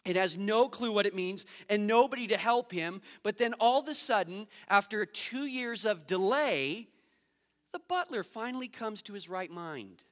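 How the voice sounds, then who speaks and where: Pastor, male, high bright voice, lively storytelling delivery with a long hall echo. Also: moderate pace. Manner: animated, acts out quotes in his story, laughs at himself. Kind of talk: sermon with storytelling.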